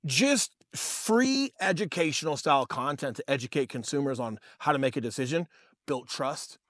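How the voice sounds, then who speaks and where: A man's voice: medium pitch, animated, moderate pace, fairly bright tone, no room sound. A man in his thirties co-hosting a podcast, telling stories in a casual, profane way, calling listeners bro and dude. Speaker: podcast co-host and real estate agent. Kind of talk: casual storytelling chat.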